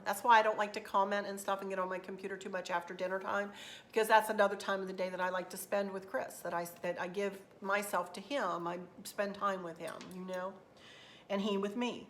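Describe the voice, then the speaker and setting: A woman's voice: medium pitch, a bit bright. Middle-aged woman, chatty unscripted vlogger, meandering delivery, light room noise behind. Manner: rambling, repeats herself, southern turns of phrase. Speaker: craft channel host. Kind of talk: unscripted casual vlog talk.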